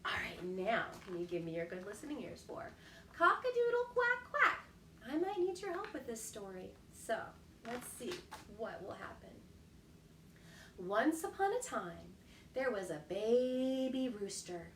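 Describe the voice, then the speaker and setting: A woman hosting a children's storytime, reading aloud in an animated, exclamatory way and asking the children questions. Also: on the high side, a little slow, echoey room, far from the mic, a little hiss or hum. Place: home kitchen.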